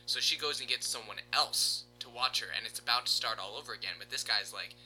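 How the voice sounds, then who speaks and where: A man's voice: on the low side, quick pace, hardly any pauses, sharp tone, faint music behind, low-quality recording. A man chatting casually as a podcast co-host, rambling through a story with lots of filler words. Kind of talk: casual chat.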